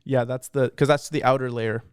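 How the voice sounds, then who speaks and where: A young man co-hosting a podcast, telling stories in a lively, slangy casual chat. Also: medium pitch, moderate pace, smooth, no room sound, clean studio sound. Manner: animated storytelling, slangy. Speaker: podcast co-host.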